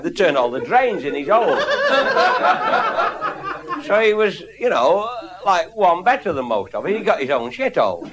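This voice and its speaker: Earthy man with a lively voice. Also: fairly high pitch. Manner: earthy and swearing, chuckling through his lines. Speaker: storyteller. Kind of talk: comic anecdote to a live audience. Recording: loud live audience laughter.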